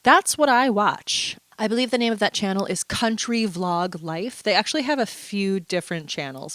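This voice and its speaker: Smooth-voiced woman rambling playfully. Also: mid-range voice, no room sound. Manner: rambling, playful, full of asides. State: stuffy, feeling unwell. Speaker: vlogger. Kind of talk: casual chatty monologue.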